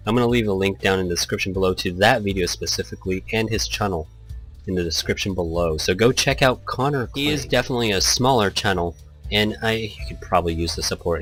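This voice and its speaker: A man's voice: sits low, a little fast, fairly bright tone, soft background music. A man hosting a let's play, talking casually and rambling as he reacts to the game. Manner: rambling, chatty, laughs often. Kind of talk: casual commentary over a game.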